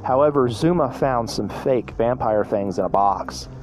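A man's voice: medium pitch, a little slow, darkish tone, faint music behind. Man reading a children's story aloud. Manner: reads with frequent restarts. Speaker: storyteller, podcast host.

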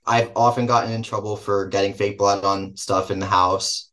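A man's voice: lowish voice, level tone, moderate pace, few pauses, bright, forceful tone. Rambling man with a Jersey accent. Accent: New Jersey. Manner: rambling, self-correcting, laughs between thoughts. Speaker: filmmaker guest. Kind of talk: casual interview answers.

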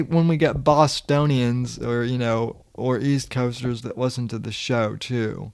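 A man's voice: medium pitch, steady tone, unhurried, gravelly, hardly any pauses, dry recording. A young man hosting a podcast, rambling casually with many fillers and the odd swear. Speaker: podcast host.

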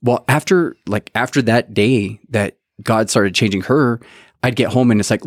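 A man's voice: fairly low pitch, moderate pace, no echo. Casual storytelling man, dry close sound. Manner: storytelling, peppers talk with "dude". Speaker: podcast host. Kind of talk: casual faith podcast chat.

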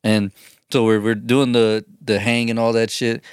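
A man's voice: mid-range voice, level tone, moderate pace, clean tone, no room sound. Male podcast co-host, crude storyteller, laughs a lot, dry sound. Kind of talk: casual chat.

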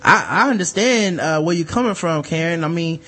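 A man with a high-pitched voice co-hosts a casual podcast. He talks loose and profane, reads listener mail aloud, and acts out the voices of the people he quotes. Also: fairly quick, bright, forceful tone. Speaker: podcast co-host. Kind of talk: casual chat.

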